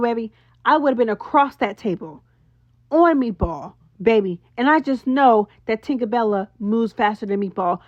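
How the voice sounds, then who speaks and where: A woman hosting a casual reality show recap, sassy and animated, full of slang and acted-out quotes. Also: a little high, no room sound. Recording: dull lo-fi sound.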